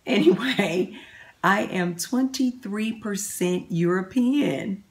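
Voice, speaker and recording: A middle-aged woman vlogging to camera at home, chatting excitedly as she reads results off her computer. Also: mid-range voice, slow pace. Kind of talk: casual vlog to camera.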